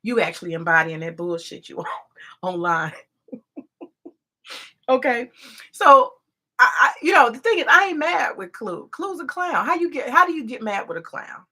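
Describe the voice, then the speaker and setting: A woman's voice: a little high, very animated, moderate pace, pauses often, sharp tone, breathy edge. A woman hosting a rambling, profane commentary, emphatic and repetitive, full of rhetorical questions. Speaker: commentary host.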